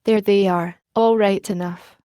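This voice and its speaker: A jovial, courtly young English lord greets his guests in an audiobook, voiced by a woman narrator. The voice is mellow and dark. The sound is dry and close. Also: medium pitch, steady tone, measured pace, dry recording, close to an everyday voice.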